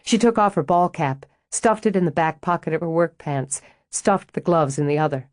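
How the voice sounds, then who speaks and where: A woman narrating an audiobook in an even, measured reading on a close studio mic. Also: low voice, no echo.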